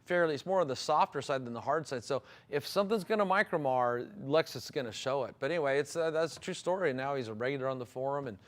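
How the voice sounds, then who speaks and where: A man's voice: mid-range voice, fast talker, hardly any pauses. A man hosting a live product stream, telling folksy stories in an enthusiastic, casual way. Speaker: car detailing product host.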